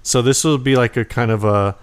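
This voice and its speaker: A man's voice: mid-range voice, fairly even intonation, fairly quick, clean tone. A man co-hosting a casual podcast chat, rambling and hesitant, often breaking into laughter. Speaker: podcast co-host.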